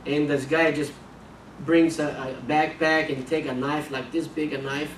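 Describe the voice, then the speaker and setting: Earnest preacher in an echoey church. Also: male voice, fairly high pitch, flat delivery, moderate pace, a little hiss or hum. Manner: repeats and restarts words, earnest storytelling. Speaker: missionary preacher. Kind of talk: sermon with a personal story. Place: church sanctuary. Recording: echoey church room, mic at a distance.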